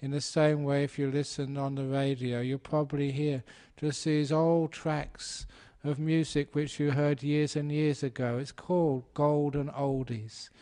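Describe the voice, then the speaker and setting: A man's voice: on the high side, little pitch movement, measured pace, hardly any pauses, warm tone. A man, a Buddhist monk, giving a humorous dharma talk and telling a story. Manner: storytelling, playful, does animal sounds.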